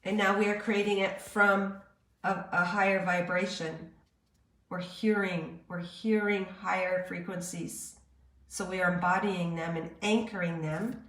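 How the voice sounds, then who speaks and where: A woman giving a live-streamed channeled spiritual message in a slow, searching, meditative way. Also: on the low side, steady tone, fairly bright tone, roomy sound.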